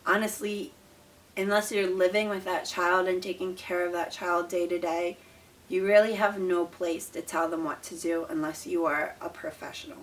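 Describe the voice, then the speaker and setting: Earnest mother giving calm tips, distant mic. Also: fairly low pitch. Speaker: parent of an autistic child, author. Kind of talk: advice talk to camera.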